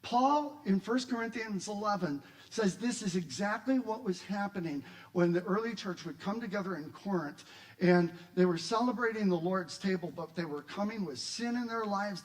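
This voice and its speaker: A middle-aged male pastor preaching a sermon, animated, acting out quoted voices with rising volume. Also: sits high, normal speed, rough recording.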